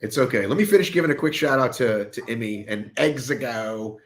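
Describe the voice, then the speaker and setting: A man's voice: mid-range voice, brisk, slight background noise, poor audio. A man hosting a live online show, joking around and swearing freely in casual chat.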